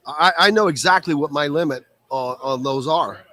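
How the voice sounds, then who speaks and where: A man with a Midwestern American accent hosting live sports radio, talking with animated, exclaiming energy. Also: on the high side, normal speed, no echo. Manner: animated, exclaiming through a spicy shrimp challenge. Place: radio broadcast set at a live event.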